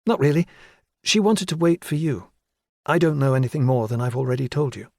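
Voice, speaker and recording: A man's voice: medium pitch, expressive, brisk, gravelly, a little mellow, dry recording, clean studio sound, pitched above the performer's own voice. A man voicing a dutiful woman detective constable in an audiobook, with short, obliging replies.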